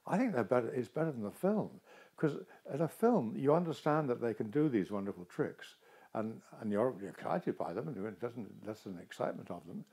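A man's voice: mid-range voice, a little fast, creaky, slightly rough. An older man, an actor, talking in a casual interview and telling stories expressively. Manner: expressive, animated storytelling.

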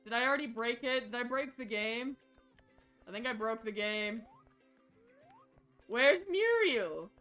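A young woman with a higher-pitched, clean voice streams a horror game at a normal speed, soft music playing in the background. She jokes to herself excitedly, shrieking and laughing whenever something startles her.

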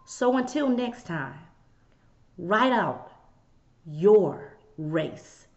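A woman giving a motivational message in a measured, deliberate way. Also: medium pitch, lively intonation, a little mellow. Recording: dull lo-fi audio.

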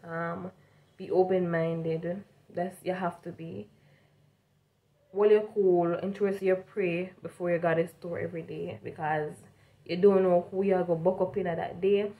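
A woman's voice: lowish voice, little pitch movement, unhurried, narrow, tinny audio. A young woman from Jamaica with a strong Jamaican accent, telling a vlog story casually and animatedly, slipping between standard English and Jamaican Patois. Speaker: vlogger.

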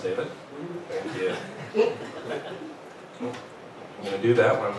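A man hosting a live late-night show, telling deadpan jokes and teasing the band. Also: on the low side, slow pace, vocal fry, long pauses, a crowd in the background. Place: live venue with band and audience. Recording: echoey room, mic at a distance.

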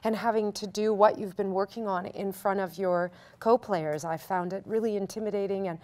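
Young Canadian actress, chatty and animated, mid-pitched. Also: female voice, moderate pace. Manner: animated, chatty, laughs easily. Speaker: musical theatre actor. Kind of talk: casual Q&A chat.

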